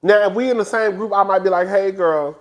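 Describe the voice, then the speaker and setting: High-voiced gossipy man recapping reality TV. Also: a little fast. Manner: animated, gossipy, acts out quotes in high voices. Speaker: reality TV reviewer. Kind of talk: casual recap commentary.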